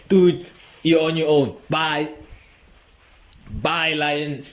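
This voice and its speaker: A man's voice: fairly high pitch, little pitch movement, drawn-out words, long pauses. A man hosting a comedy podcast, telling a rambling, profane story and laughing often. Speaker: podcast host.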